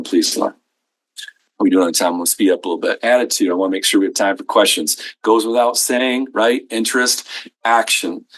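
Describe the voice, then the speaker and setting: Folksy man giving a staff training. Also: on the low side. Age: middle-aged. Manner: folksy, acts out quoted exchanges. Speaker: healthcare billing trainer. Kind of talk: live training talk to staff.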